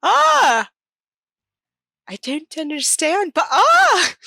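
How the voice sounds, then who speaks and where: Player doing a super high squealy broke adventurer, bright and bouncy, far-ish from the mic. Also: a little slow, heavily acted. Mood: excited. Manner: squealing, excitable. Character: poor, excitable adventurer.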